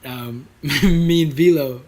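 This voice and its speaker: A man's voice: a little high, slow, noisy background. A young man co-hosting a podcast, telling stories in casual slang and acting out what people said. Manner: animated storyteller, slangy, acts out quotes. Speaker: podcast co-host. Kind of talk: casual chat, storytelling.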